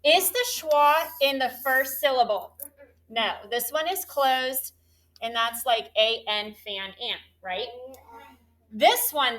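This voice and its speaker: A woman teaching a third grade class in a classroom, leading call-and-response phonics drills with animated, coaxing questions. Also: on the high side.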